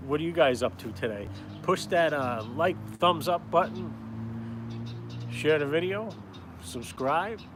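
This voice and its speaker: Music plays under a fairly high, expressive male voice that moves a little slowly, with long pauses. He's a caricature artist and vlogger from upstate New York, live-streaming outdoors in a cold town and chatting to viewers with rambling talk and casual swearing.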